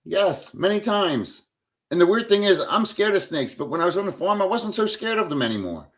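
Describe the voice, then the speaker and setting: A man hosting a casual livestream, telling stories in an animated way, reading chat comments aloud and swearing freely. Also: high voice, a little fast. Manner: animated storyteller who reads chat aloud. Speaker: livestream host. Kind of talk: casual live-stream chat.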